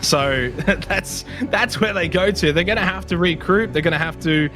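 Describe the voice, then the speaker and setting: A man casting an esports match, losing his voice and shouting at the big plays. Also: high voice, moderate pace, music in the background. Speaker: esports caster. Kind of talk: play-by-play commentary.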